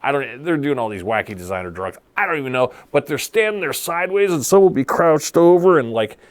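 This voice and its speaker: A man's voice: on the high side, lively intonation, fairly quick. A man co-hosting a podcast, chatting casually in a rambling, profane way. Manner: rambling, profane, repeats himself. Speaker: podcast co-host. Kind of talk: casual banter.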